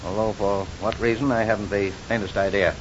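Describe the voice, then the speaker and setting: An actor playing a medical examiner in an old radio drama, clipped and matter-of-fact. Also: male voice, fairly even intonation, a little fast, lightly acted. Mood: clinical. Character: dry, clinical medical examiner, male. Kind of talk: 1940s radio acting. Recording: dull old radio recording with rumble.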